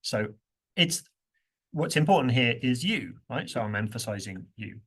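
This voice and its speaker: Leading an interactive university workshop, this man speaks at normal speed in an animated, mid-range voice with a fairly bright tone. He keeps things playful, laughing a lot and performing example phrases with their stressed words.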